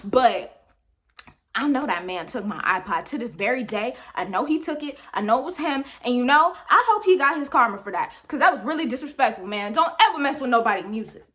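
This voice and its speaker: A woman's voice: sits high, fairly quick. A young woman, telling a chatty storytime to her viewers. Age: young adult. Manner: animated, chatty, addresses viewers as y'all. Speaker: vlogger. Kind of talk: storytime vlog.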